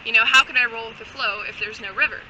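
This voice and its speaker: A woman's voice: a little high, fairly even intonation, quick pace, bright, forceful tone, highs cut off, slight background noise. A woman voicing a lonely, confused male talking frog who whines and swears casually. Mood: lost. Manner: whiny, bewildered, casual swearing.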